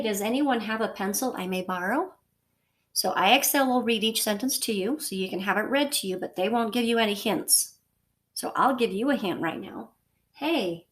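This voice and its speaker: A woman teacher giving a recorded lesson to her class, patient and repetitive, checking in often with the listener. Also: medium pitch. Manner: patient, repeats points, frequent okay and so.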